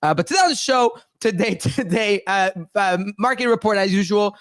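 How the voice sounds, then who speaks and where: A man's voice: sits high, moderate pace, fairly bright tone, no room sound, studio quality. Joking, swearing male crypto show host. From Canada. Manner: loose, joking, swears freely. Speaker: podcast host. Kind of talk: casual crypto show chat.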